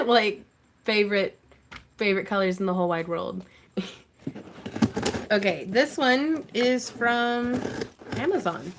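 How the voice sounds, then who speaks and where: A woman's voice: medium pitch, expressive, slow pace, pauses often, background noise. A woman hosting a casual craft livestream, chatting to viewers in a gushing, effusive way and laughing often. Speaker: craft channel host.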